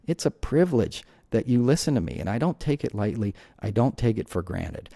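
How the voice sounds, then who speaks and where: A man's voice: fairly low pitch, expressive, fairly quick, few pauses, mellow, dry recording. A man hosting his own podcast, talking alone in a passionate, rambling way, full of "you know" and "right?". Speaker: podcast host. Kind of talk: solo podcast monologue.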